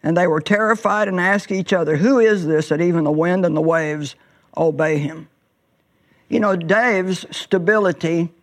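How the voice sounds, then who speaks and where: A woman preaching a sermon, telling stories emphatically and stretching words for effect. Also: on the low side. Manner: emphatic storytelling with drawn-out words and sudden swells.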